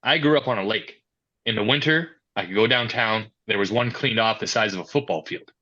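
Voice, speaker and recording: Interview guest: a man with a low, forceful voice who tells stories in a conversational way. The recording sounds dull. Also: a little fast. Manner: storytelling, quoting others in animated asides. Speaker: hockey youth and amateur coordinator. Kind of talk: podcast interview answers.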